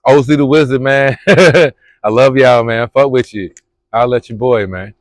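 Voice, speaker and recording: Young male vlogger from Kentucky, mid-pitched, dry close sound, rambling slangy chat. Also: a little slow, no room sound. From Louisville, Kentucky. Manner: slangy, loose and rambling, lots of fillers. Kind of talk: casual vlog chat. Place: outdoors at a spring.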